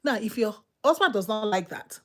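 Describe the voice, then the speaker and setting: A woman preaching a sermon in an emphatic, repetitive, exhorting manner, swinging between loud outbursts and low murmurs. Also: expressive, moderate pace.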